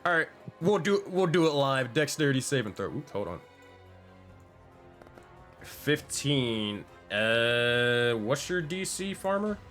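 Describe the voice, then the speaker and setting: A man's voice: on the high side, very animated, a little slow, long pauses, a bit bright. A man running a tabletop game online as game master, narrating scenes and laughing often between rolls. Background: faint music.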